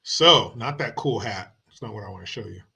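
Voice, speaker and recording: A man's voice: fairly low pitch, animated, fairly quick, gravelly, pushed and bright, slightly rough. A man hosting a livestream, ranting about politics in a mocking, combative and profane way. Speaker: political commentary host. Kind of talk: casual political rant. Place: home streaming setup.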